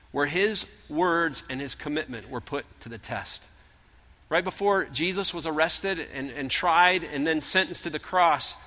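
A man preaching a sermon as a pastor, telling a story earnestly, sometimes emphatic and sometimes hushed. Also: fairly high pitch. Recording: long hall reverb.

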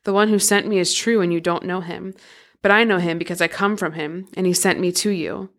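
A calm, authoritative male teacher speaks in scripture reading, voiced by a woman reading him plainly. The delivery is even and measured, set a little low. It stays steady and unhurried throughout. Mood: solemn.

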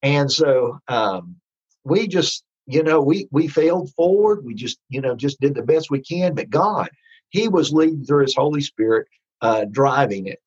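A man telling his faith testimony in a rambling, halting way, full of restarts. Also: mid-range voice, lively intonation, a little mellow, slightly rough, dull audio. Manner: rambling, with many restarts and fillers. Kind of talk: storytelling testimony.

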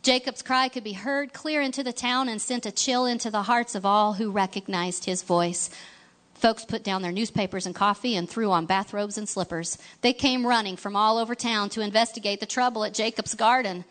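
Lady reading a storybook aloud, gentle, expressive, mid pitch. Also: moderate pace. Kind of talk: scripted storybook narration.

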